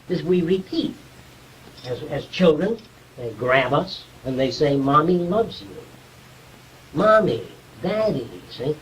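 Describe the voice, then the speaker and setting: A man's voice: on the high side, recorded from a distance, a little hiss or hum, rough recording. A man giving an informal, conversational lecture to a small group, explaining ideas and checking whether his listeners follow.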